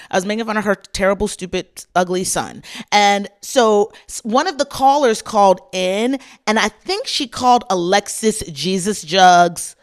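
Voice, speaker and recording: Sassy chatty woman with a lilt. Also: medium pitch. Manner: sassy, animated, chatty with fillers. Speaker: podcast host. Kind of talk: casual chat commentary.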